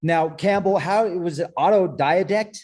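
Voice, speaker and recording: A man's voice: sits high, measured pace, a little mellow. A man hosting a live online show, upbeat and joking as he speaks directly to his viewers. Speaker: show host.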